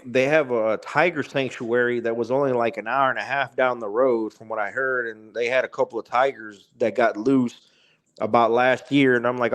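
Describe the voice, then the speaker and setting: A man, telling a spooky story as a podcast guest in a rambling way with many fillers and restarts. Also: medium pitch. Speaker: podcast guest, truck driver. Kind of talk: casual storytelling.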